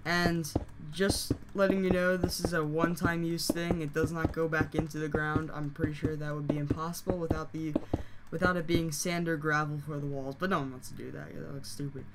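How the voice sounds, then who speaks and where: A hoarse game tutorial host who is losing their voice, explaining steps casually with fillers and frequent self-corrections. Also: medium pitch, flat delivery, fairly quick, hardly any pauses, heavy background noise. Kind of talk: casual screen-recorded tutorial.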